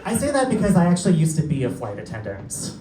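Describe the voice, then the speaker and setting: A man's voice: a little high, wildly swooping pitch, very noisy. Sassy gay man doing stand-up. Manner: camp, sassy storytelling with quick asides. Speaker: stand-up comedian. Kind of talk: live stand-up set. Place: theater stage before a laughing crowd. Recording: roomy live theater sound, mic distant, crowd audible.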